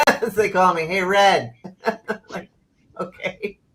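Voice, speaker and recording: A woman's voice: medium pitch, expressive, slow, noisy background. A woman hosting a casual livestream chat over a video call. She laughs often while she tells stories. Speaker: host.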